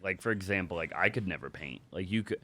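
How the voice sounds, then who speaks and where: A man's voice: low-pitched, lively intonation, fast talker, bright, forceful tone. A man hosting an interview show, chatting in a laid-back, casual way, full of fillers. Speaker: show host.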